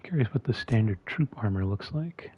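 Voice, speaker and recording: A man's voice: fairly low pitch, animated, normal speed, dull audio, slight background noise. A man casually thinking aloud as he plays a game, talking with a mint in his mouth. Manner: mumbly and musing, thinking aloud. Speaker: gameplay streamer. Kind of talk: casual gameplay commentary.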